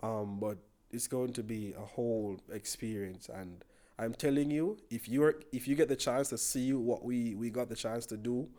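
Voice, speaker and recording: A young Jamaican man talking on a podcast in a relaxed, rambling way. His pitch sits in the middle, and he often stumbles over and repeats words as he gathers his thoughts. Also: normal speed. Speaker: podcast guest. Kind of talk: casual chat.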